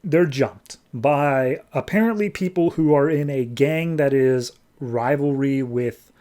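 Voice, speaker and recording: A man's voice: mid-range voice, takes it slowly, mellow. A man hosting a podcast, chattily recapping a comic book story with lots of filler words. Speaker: podcast host.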